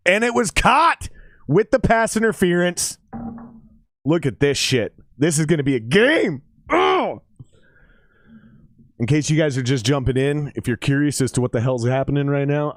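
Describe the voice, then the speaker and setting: A man in his forties talks his viewers through a football game on a live stream, casual, profane and quick to get worked up. His voice sits at an ordinary male pitch. The sound is dry and close, with no room around it. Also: dry recording.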